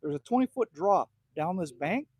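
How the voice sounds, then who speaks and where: Chatty Canadian man, husky lively voice. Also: sits high, moderate pace, no room sound. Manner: chatty, joking, greets viewers by name. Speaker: livestream host. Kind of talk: casual livestream chat reading comments. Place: outdoors at a cabin.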